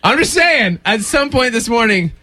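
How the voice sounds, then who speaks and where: A man's voice: very high-pitched, big pitch swings. A man hosting a morning radio show in the studio, joking around casually and laughing often. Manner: jokey, quick, laughs often. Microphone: studio microphone.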